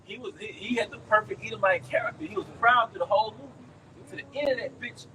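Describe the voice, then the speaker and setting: A man preaching to a camp outdoors in loud, emphatic street slang. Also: high voice, fast. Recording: distant mic, traffic noise outdoors.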